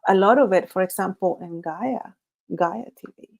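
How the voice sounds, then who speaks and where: A woman whose first language is Spanish, hosting a casual livestream, talking in a halting, nervous way with many restarts. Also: medium pitch, gravelly, a little mellow. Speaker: livestream host.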